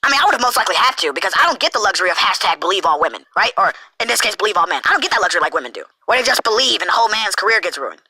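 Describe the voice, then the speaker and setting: A man's voice: sits high, very animated, rapid-fire, hardly any pauses, bright, forceful tone, no echo, rough recording. A man in an angry rant as an online commentator, heated, sarcastic and profane.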